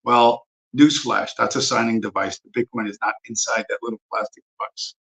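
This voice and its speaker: A man's voice: on the low side, steady tone, normal speed, creaky, fairly bright tone, rough recording. Man ranting profanely on a livestream. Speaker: livestream host. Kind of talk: livestream rant.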